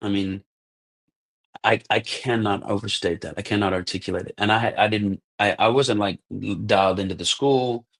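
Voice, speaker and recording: Low-voiced American man telling stories. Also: moderate pace. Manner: animated, acts out quoted dialogue, says "like" and "bro" often. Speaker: podcast guest. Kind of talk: casual storytelling.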